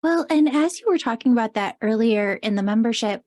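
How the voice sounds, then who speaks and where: A woman's voice: on the high side, expressive, fairly quick, darkish tone, dry recording, studio quality. A woman hosting a podcast interview, upbeat and enthusiastic in her questions. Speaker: podcast host.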